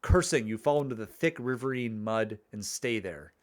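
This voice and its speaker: A man's voice: mid-range voice, expressive, moderate pace. A man streaming his own text game, reading its narration aloud and chatting playfully, rambling with restarts.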